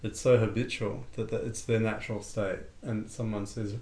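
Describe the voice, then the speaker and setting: A man teaching a breathing lesson in a calm, conversational way, acting out little dialogues as he explains. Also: lowish voice, fairly quick. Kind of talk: relaxed spoken lesson with a student. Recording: echoey room with faint ambient noise.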